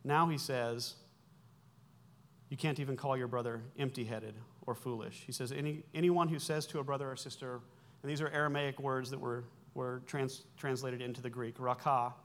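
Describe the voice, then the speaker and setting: A man's voice: mid-range voice, steady tone, normal speed. A man in his forties preaching a sermon, explaining Greek words in a conversational way, with self-corrections and wry asides. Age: 40s. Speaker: pastor.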